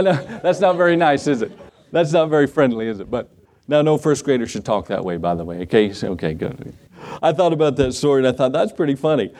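A man's voice: fairly high pitch, a little mellow. A man preaching a sermon as pastor, telling folksy stories and acting out the people in them. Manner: folksy storytelling, acts out quotes.

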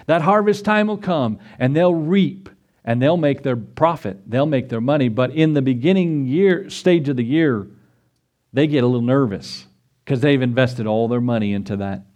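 A middle-aged pastor giving a sermon, climbing to a high, urgent pitch as he presses his points and briefly acts out the voices of biblical figures. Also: normal speed, a little mellow, dull audio.

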